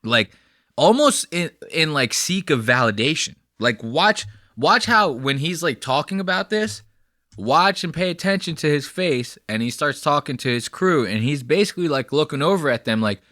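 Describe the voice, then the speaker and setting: A man's voice: fairly high pitch, lively intonation, moderate pace, sharp tone, dry recording, studio quality. A young man hosting a podcast, giving blunt, profane, heated commentary on video clips. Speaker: podcast host. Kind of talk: casual commentary reacting to clips.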